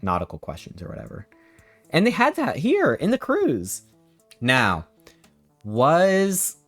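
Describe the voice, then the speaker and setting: A man's voice: mid-range voice, a bit bright. Casual male streamer, sarcastic storyteller, faint music behind.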